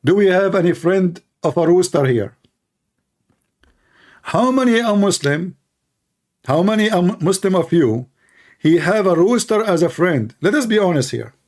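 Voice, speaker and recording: Man with sarcastic, lively commentary. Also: high voice, normal speed, long pauses. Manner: sarcastic, incredulous. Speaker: host. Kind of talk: mocking religious commentary.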